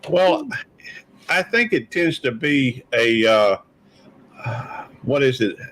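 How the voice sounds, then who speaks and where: A man's voice: mid-range voice, sing-song, takes it slowly, a bit bright, poor audio. A man hosting a casual live-stream panel chat, rambling and hesitant with many fillers and restarts. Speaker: channel host.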